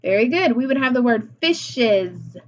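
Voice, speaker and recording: A woman teaching a phonics lesson to young children, deliberate and encouraging, with frequent praise. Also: fairly high pitch, animated, dull audio.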